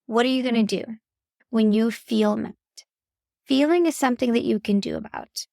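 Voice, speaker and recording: A woman's voice: fairly high pitch, normal speed, creaky, dark tone, no echo, studio quality. A woman podcast host and parenting coach giving earnest, faith-based coaching talk straight to the listener. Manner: earnest, instructive, addresses listener directly.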